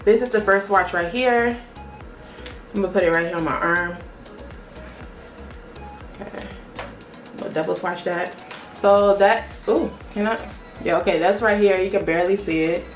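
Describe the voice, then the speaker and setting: A young woman vlogs casually, chatty and quick to get excited, calling out to her viewers as she talks. Her voice sits in a middle range. It rings around an echoey room, with faint music playing underneath. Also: mid-range voice. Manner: chatty and excitable, often addresses the viewers directly. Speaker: beauty vlogger. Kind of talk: casual unboxing chat.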